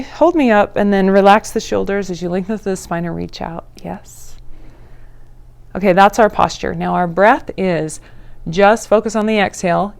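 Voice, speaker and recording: A woman teaching a yoga breathing practice in a casual, encouraging way, with playful asides and breathy demonstration sighs. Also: mid-range voice. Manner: breathy sighs and drawn-out ahs while demonstrating. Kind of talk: guided yoga class instruction.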